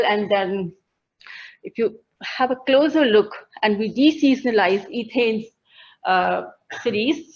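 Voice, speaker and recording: A woman with a fairly high voice presents her research at a conference, working through each plot carefully and pausing often to search for words. She sounds like she is speaking into a presenter microphone in a conference hall. The recording is muffled and lo-fi. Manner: methodical, explaining plots step by step with frequent hesitations. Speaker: atmospheric scientist presenting research.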